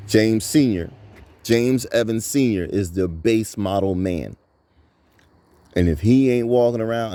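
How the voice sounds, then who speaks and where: Man, 30s, low and warm-toned; emphatic, repetitive preaching monologue. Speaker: channel host.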